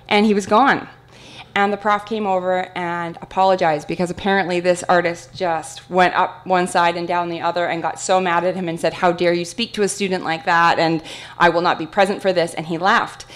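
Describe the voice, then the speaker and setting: A woman giving a talk, telling a personal story in a chatty, animated way with many fillers. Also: fairly low pitch. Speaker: guest speaker at an art talk.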